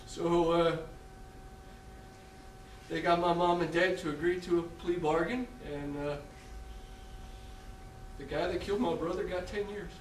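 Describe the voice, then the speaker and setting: A man performing a theatrical monologue on a small theatre stage, telling a confessional story with halting restarts. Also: high voice, fairly even intonation, slight background noise. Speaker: stage actor playing a death row inmate. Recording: roomy theatre sound from a distant mic.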